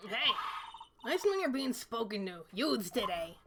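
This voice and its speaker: A woman's voice: fairly high pitch, sing-song, normal speed. Woman doing a cranky old New York lady. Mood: scolding. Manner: gruff, scolding. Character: cranky nosy old woman security guard.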